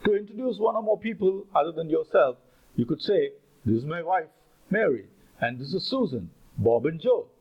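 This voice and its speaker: Man, teacher, husky voice, dull lo-fi recording. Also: a little high, animated, normal speed. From India. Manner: explains phrases, then reads out example dialogues. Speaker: English teacher. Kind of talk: spoken language lesson.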